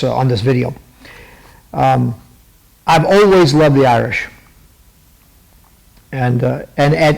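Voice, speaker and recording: A man's voice: mid-range voice, gravelly, poor audio. A man hosting his own podcast, talking casually and rambling with many fillers and restarts, sipping water to keep a cough at bay. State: fighting a cough. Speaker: podcast host. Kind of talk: casual commentary to camera.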